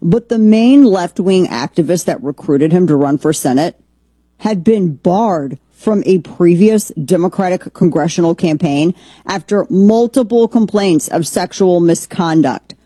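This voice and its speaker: A woman's voice: on the low side, expressive, a little slow, dark tone, slightly rough, dry recording. A woman hosting a political commentary show, opinionated and rambling, with frequent restarts. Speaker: podcast host.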